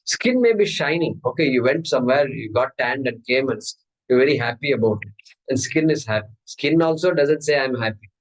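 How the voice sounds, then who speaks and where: A man teaches a Vedanta discourse, questioning and animated, putting question after question to his listeners. His mid-range voice moves a little fast, and the audio is poor.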